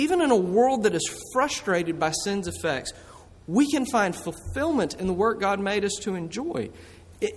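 Pastor, male, high voice, earnest sermon delivery, long hall reverb. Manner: earnest preaching with slowed emphatic phrases.

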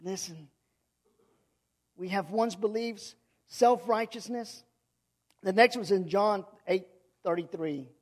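High-voiced male preacher, impassioned sermon delivery, repeats lines, loud-to-hushed swings. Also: takes it slowly, pauses often.

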